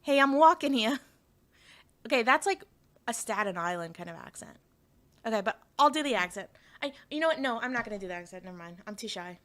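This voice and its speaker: A woman rambles and giggles through a casual live stream chat, her speech full of fillers and restarts. Her voice sits at a middle pitch for a woman, pushed and bright, and she talks fast and expressively.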